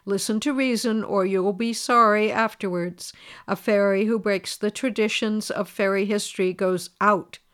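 A woman voicing a storybook king who lectures firmly and reasonably, in a smooth voice. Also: medium pitch, steady tone, moderate pace, fairly bright tone, close to an everyday voice. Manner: firm, lecturing, then tender.

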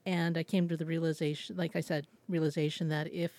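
Woman theater director, reflective talker, lower pitch, dry studio sound. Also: little pitch movement, a little fast, darkish tone, dry recording. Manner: thoughtful, retells at length with small restarts. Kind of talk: casual radio interview.

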